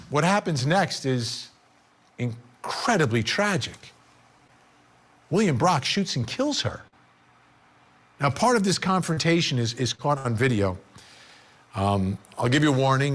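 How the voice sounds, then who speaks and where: A man's voice: mid-range voice, lively intonation, unhurried, pauses often, a bit bright. A man hosting a legal news program, recounting a case in a conversational, emphatic way. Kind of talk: broadcast news commentary.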